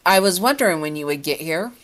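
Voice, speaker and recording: A woman's voice: fairly low pitch, animated, quick pace, fairly bright tone. A woman reading a fan story aloud voices a playful, teasing non-binary young researcher who talks with a smirk.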